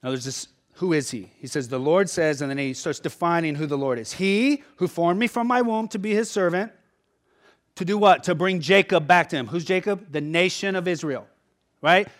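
High-voiced man preaching a sermon. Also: normal speed. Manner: preaching with sudden surges and drops in volume; tags points with a questioning "right?". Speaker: pastor.

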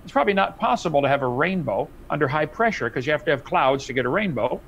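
A man's voice: a little high, animated, fast talker, fairly bright tone, muffled recording. A man in a heated debate, talking emphatically and mockingly, with some faint noise behind.

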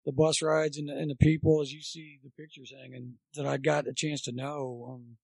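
A gravelly, slightly high-voiced older man tells long, animated stories in a casual chat. His voice sounds dry and close, with no room around it, as he acts out both sides of each exchange. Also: moderate pace, no room sound. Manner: animated anecdote teller, acts out quotes. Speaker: podcast guest, former college baseball coach.

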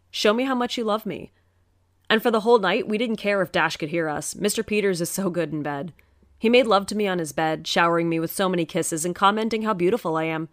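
A woman's voice: lowish voice, a bit bright, no room sound, studio quality. A woman narrating a first-person story in an earnest, emotional storytelling manner.

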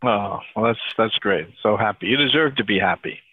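Calm man over a tinny line. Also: lowish voice, brisk, husky, no echo. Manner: calm, explanatory storyteller. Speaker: guest therapist. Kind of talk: explaining to podcast hosts. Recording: dry, tinny phone-like line.

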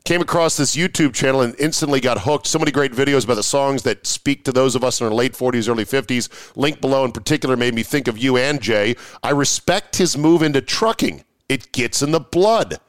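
A man's voice: mid-range voice, a little fast, hardly any pauses, no echo. A man hosting a casual sports podcast, reading listener emails aloud and trading sardonic remarks. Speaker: podcast host.

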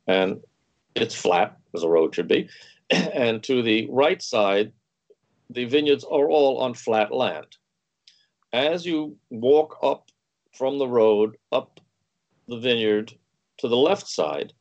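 A man's voice: mid-range voice, lively intonation, measured pace, a little mellow. A man, a wine expert guest, explaining through a story and acting out the quoted dialogue himself. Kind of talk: anecdotal explaining. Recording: dull lo-fi sound.

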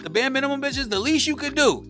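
A high-pitched man hosts a podcast and launches into a profane, animated comedic rant. Music plays clearly underneath his voice. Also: quick pace. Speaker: podcast host.

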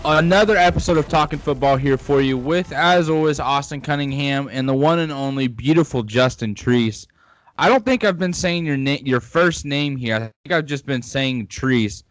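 A man's voice: mid-range voice, moderate pace, no room sound. A young man co-hosting a casual sports podcast, upbeat and joking. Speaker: podcast co-host.

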